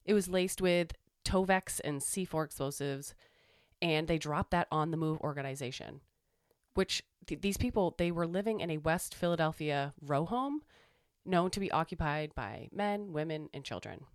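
Woman, very low voice, podcast host, dry close recording, firm plain reading. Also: expressive, moderate pace, dry recording. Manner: brief backchannels, then a firm, plainly read account. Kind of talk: casual interview, reading a prepared passage.

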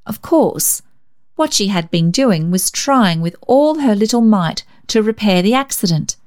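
A woman's voice: mid-range voice, animated, unhurried, darkish tone. Woman reading a children's story aloud. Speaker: reader. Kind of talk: storybook narration.

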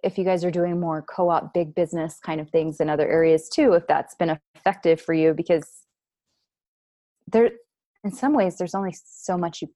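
A woman's voice: fairly low pitch, moderate pace, dark tone, no room sound, studio quality. A woman who leads a nonprofit program, answering interview questions in an earnest, explanatory way with many fillers.

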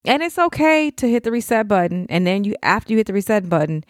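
A middle-aged woman hosting a podcast, talking with deep feeling and speaking straight to other mothers in casual, heartfelt chat. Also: sing-song, quick pace, dry recording, studio quality. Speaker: podcast host. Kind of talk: heartfelt casual talk to listeners.

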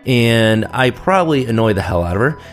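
A man in his thirties hosting a solo podcast, telling stories with lively enthusiasm and acting out quoted voices. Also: medium pitch, fairly quick, faint music behind. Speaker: podcast host, dentist. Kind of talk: casual solo podcast monologue.

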